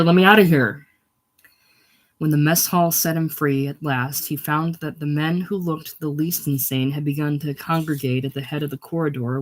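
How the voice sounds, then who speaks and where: A man reading a novel aloud in a steady, measured way, his voice sitting slightly on the high side. The narration stays even and unhurried. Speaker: audiobook reader.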